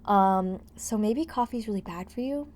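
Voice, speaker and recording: A woman's voice: medium pitch, normal speed, a little mellow. A young woman talks over her gameplay in a loose, rambling vlog voice, padding her sentences with "like". She sounds a bit breathless and wired from caffeine. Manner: chatty, rambling, heavy use of "like". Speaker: gaming vlogger. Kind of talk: casual voice-over commentary on a building game.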